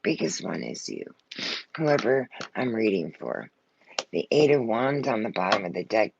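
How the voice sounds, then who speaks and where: A woman's voice: a bass voice, very animated, moderate pace, gravelly, lo-fi sound, noisy background. A woman giving a live-stream tarot reading, blunt and emotional, swearing freely and short of breath. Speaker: tarot card reader.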